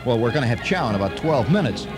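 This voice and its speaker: A man telling a long personal story in a rambling, halting way, full of asides and restarts. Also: medium pitch, very animated, over music. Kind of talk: spoken storytelling monologue.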